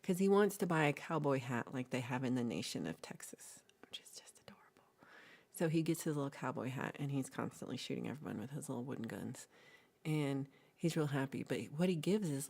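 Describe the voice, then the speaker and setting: Woman host, low, warm voice, playful rambling storyteller. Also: vocal fry. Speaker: livestream host. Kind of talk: casual chat, retelling a film.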